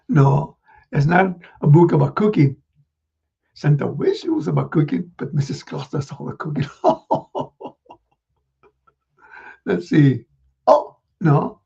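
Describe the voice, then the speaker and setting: A man telling a story to children in an animated way, gasping and speaking to his young listeners. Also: a little high, vocal fry, slightly rough. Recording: dull lo-fi recording.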